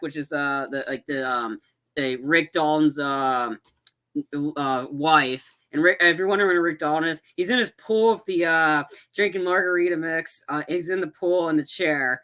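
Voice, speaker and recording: A man's voice: a little high, fairly even intonation, moderate pace, pushed and bright. A man co-hosting a podcast, casually recapping a movie plot in a rambling way, full of restarts and acted-out quotes. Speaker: podcast co-host.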